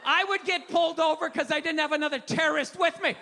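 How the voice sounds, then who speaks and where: A male stand-up comedian ranting profanely in a live set, swinging from mumbled asides to shouting. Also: very high-pitched, fairly even intonation, quick pace. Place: theater stage before a live audience. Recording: live hall with crowd noise. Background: crowd laughing and applauding.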